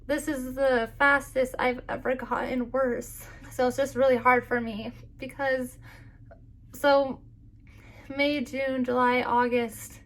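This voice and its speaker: A young woman speaks in a slightly high voice, close to tears and catching her breath between phrases. Her talk is halting and filled with "like" and restarts, in a personal vlog to camera. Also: level tone. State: tearful and short of breath. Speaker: vlogger.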